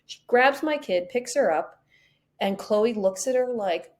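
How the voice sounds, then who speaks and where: A woman hosting a podcast, chatting casually and telling animated stories in which she acts out the people in them. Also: fairly high pitch, measured pace, slight background noise. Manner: animated storyteller acting out quotes. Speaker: podcast host. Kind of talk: casual conversation, storytelling.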